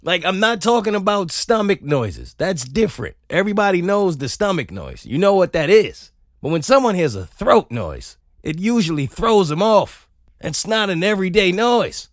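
Male podcast host, solo comedy rant, bouncy and profane, a touch high, dry close mic. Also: moderate pace, dry recording. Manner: animated, laughing, profane storytelling. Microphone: close studio mic.

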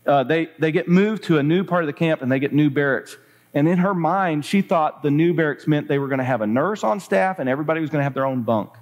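An earnest preacher with a slightly higher-than-usual male voice speaks in a personal, heartfelt way. He reads from a memoir as part of his sermon. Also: fast. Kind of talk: sermon with read-aloud passage.

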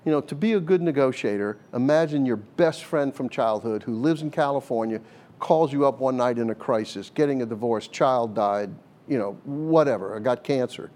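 A man's voice: medium pitch, moderate pace, a little mellow. An older man, a former hostage negotiator, answers interview questions in an earnest, conversational way, repeating words as he thinks and laughing now and then.

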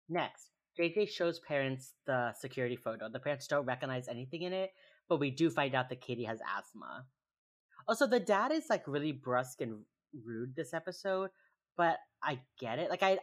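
Podcast co-host, mid-pitched, casual recap, talky and loose. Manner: chatty, quick asides, frequent "like" fillers. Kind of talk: casual episode recap chat.

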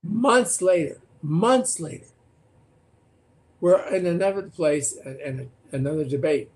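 An older man, a former political candidate, recounting debate stories as a guest in an animated way, often repeating words. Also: fairly high pitch, a little slow. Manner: animated, repeats words and restarts, acts out quotes. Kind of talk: anecdotal storytelling in conversation.

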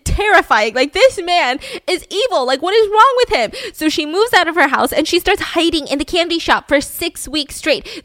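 A young woman hosts a casual true-crime podcast and recounts the story in a chatty, animated way, swearing freely. Her voice sits fairly high, and the recording is dry and close. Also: no echo. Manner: chatty, animated, blunt with profanity. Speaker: podcast host.

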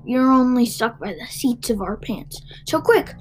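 A clever little boy talks quickly and quietly, his voice lifted high and kept low in volume, as a woman reads him. He sounds level-headed and urgent, a storybook child with a plan. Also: lively intonation, soft background music. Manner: urgent, hushed. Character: sensible small boy.

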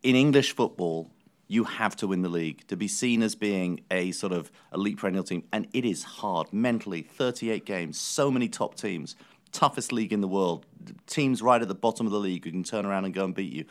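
A man's voice: on the low side, a little fast. A man co-hosting a football podcast, making emphatic points and repeating key words for weight. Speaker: podcast co-host. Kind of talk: football analysis chat.

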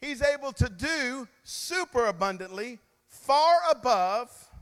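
A man with a very high voice preaches in a slow, drawn-out cadence. He punches his points with sudden loud bursts, then drops to quiet asides and has the congregation repeat after him. His sermon rings with the long reverb of a large hall. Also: animated. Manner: emphatic call-and-response preaching with sudden loud and quiet swings.

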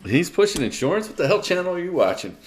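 A man's voice: high-pitched, big pitch swings, quick pace, heavy background noise. A man in his fifties co-hosting a casual podcast chat, easygoing, quizzing his co-host. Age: 50s.

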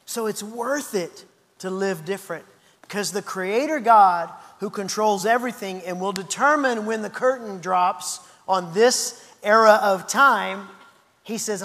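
Male pastor, high voice, lively storytelling sermon with restarts, reverberant hall. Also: unhurried. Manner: lively, anecdotal, frequent restarts.

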